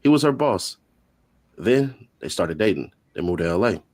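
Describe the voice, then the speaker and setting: Low-voiced man reading court updates. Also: big pitch swings, background noise. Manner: reads quotes aloud, adds quick joking asides. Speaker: host.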